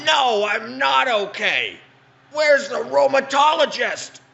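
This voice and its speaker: A man voicing a crotchety old woman with a strained, high shriek. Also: animated, takes it slowly, gravelly, pushed and bright, highs cut off, slight background noise, full character voice. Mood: demanding.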